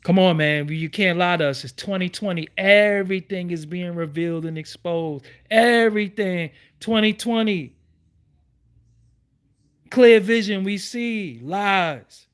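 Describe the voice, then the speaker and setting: A man's voice: high-pitched, moderate pace, hardly any pauses, a bit bright, clean tone. A middle-aged man, hosting his own online show and ranting to his viewers with heated, repeated rhetorical questions. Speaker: YouTube show host. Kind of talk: livestream rant.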